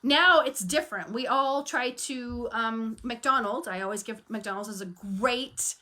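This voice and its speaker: Unhurried and fairly high-pitched, a woman coaches viewers on running a cleaning business in casual talk to camera. She stays firm and frank, animating her stories by acting out bits of dialogue.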